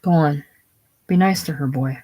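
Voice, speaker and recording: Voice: mid-range voice, normal speed, mellow, close to an everyday voice. A reader voicing an older male friend who coaxes and reassures a young couple, in a casual play reading. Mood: coaxing. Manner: coaxing, reassuring.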